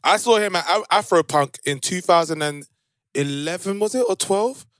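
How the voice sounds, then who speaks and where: A man's voice: high voice, moderate pace, a bit bright, dry recording, clean studio sound. A man in casual podcast chat, teasing and mock-indignant. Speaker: podcast co-host.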